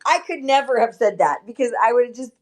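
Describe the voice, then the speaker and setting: A woman hosting a casual political commentary stream, talking in an excitable, emphatic way with frequent exclamations. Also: on the high side, quick pace, a loud crowd. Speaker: host.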